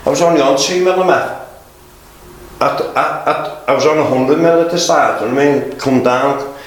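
A former footballer appears as a podcast guest, telling candid stories in casual chat while swearing constantly, laughing through them, and adding "mate" to his sentences. His voice is fairly high-pitched at normal speed, and the room is very echoey.

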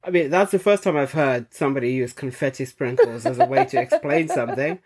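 A podcast host in a casual interview, easygoing, with halting restarts. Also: mid-range voice, sing-song, darkish tone, slightly rough.

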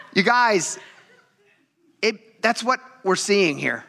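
A man preaching a sermon as a pastor in a lively, conversational way, often acting out the voices of the people he quotes. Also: sits high, gravelly, slight background noise.

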